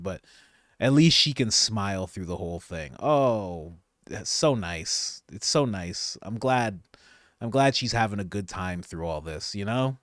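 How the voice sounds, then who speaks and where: A man's voice: on the low side, no echo, studio quality. A man hosting a commentary channel, reacting to clips with frequent laughter and mocking disbelief. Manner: laughing often, incredulous and mocking.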